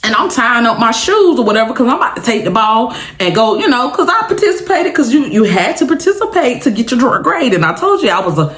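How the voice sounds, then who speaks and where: Woman vlogger, lively storytime, swoopy highish voice, roomy echo. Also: quick pace, hardly any pauses. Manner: animated, dramatic, talks straight to viewers; laughs often while telling. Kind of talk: casual storytime chat.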